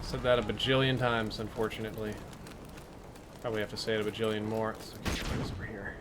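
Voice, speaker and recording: A man's voice: lowish voice, flat delivery, fast talker, heavy background noise. Chatty male gamer over gunfire. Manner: chatty, answers chat between plays. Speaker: live-stream gamer. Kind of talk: casual live-stream commentary. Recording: game gunfire under the voice.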